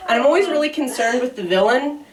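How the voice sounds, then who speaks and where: A woman's voice: sits high, animated, fast. A young woman performing a stand-up comedy set on a club stage, rambling and laughing through her punchlines while acting out characters. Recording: echoey club recorded from far off, loud noise. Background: audience laughter.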